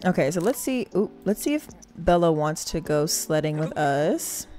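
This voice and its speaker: A woman's voice: deep voice, lively intonation, moderate pace, warm tone. A young woman giving chatty, giggly commentary on her game, talking to viewers as y'all. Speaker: gaming channel host. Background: game music.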